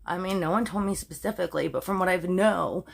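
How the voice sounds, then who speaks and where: A Canadian woman recounts a true crime case straight to her audience. She talks in a loose, animated, conversational way, with filler words everywhere. She keeps catching herself mid-swear and softening it. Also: on the low side, fairly quick, gravelly, breathy edge. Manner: chatty, animated, heavy use of "like", self-censoring swears. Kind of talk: casual storytelling to camera.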